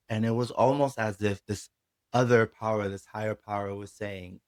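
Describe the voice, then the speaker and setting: A man's voice: lowish voice, fairly even intonation, normal speed, no room sound. A reverend, a man whose first language is Spanish, telling his own story in an interview, earnest and emotional, acting out his past words. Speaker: guest, reverend.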